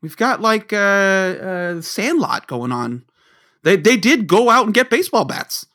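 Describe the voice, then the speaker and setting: A man's voice: high voice, very animated, unhurried, pushed and bright. A man telling a story in casual chat, rambling and swearing, stumbling over his words and restarting often. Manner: rambling, profane, stammers and restarts.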